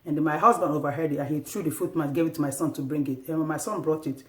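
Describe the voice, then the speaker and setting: A woman's voice: sits low, fairly even intonation, racing. Earnest woman preaching to wives. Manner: earnest and exhortative, acts out scenes with sharp raised outbursts. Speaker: Christian marriage advice vlogger. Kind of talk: preachy faith-based talk to wives. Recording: echoey room.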